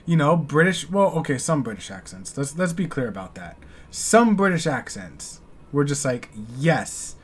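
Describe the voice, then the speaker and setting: A man's voice: fairly high pitch, sing-song, fairly quick, few pauses, breathy edge, faint music behind. An American man hosting a reaction video, rambling candidly through his thoughts and swearing now and then. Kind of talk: casual reaction commentary.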